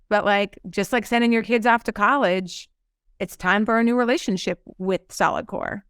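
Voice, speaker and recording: A woman hosting a podcast speaks at a medium pitch in a smooth, clear voice. The sound is dry and close, and she talks reflectively, voicing her own inner thoughts. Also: fairly even intonation, moderate pace, a bit bright, dry recording. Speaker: podcast host. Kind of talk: casual conversational interview.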